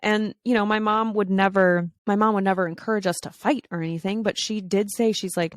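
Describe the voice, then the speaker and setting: A woman in her thirties hosting a podcast, telling stories in a casual monologue and acting out the dialogue with quick voice shifts. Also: mid-range voice, steady tone, no room sound, clean studio sound. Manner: chatty with frequent fillers and laughs. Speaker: podcast host.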